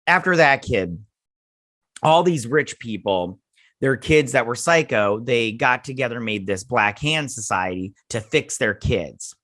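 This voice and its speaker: A man's voice: mid-range voice, lively intonation, measured pace, a bit bright. A man hosting a casual episode review, recapping scenes in a sarcastic, exasperated ramble full of fillers. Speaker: TV show reviewer and host.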